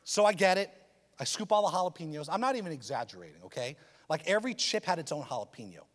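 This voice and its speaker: A man preaching a sermon as a pastor, telling a personal story in an animated, humorous way. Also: fairly high pitch, fast talker. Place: church auditorium. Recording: long reverb of a church hall.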